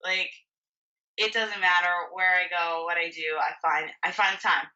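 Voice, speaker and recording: Bright-voiced young woman telling her story. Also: lowish voice, fairly even intonation, normal speed, distant mic, lo-fi sound. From Florida. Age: 20s. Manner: candid, swears freely, peppers speech with "like". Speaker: podcast guest, bodybuilding competitor. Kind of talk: casual storytelling.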